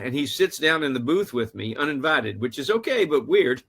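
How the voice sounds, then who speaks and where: A man's voice: mid-range voice, animated, moderate pace, creaky, hardly any pauses, fairly bright tone, husky. A man, an author, telling a personal story in an earnest, anecdotal way during an interview. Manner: earnest, anecdotal, with frequent restarts. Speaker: author and guest.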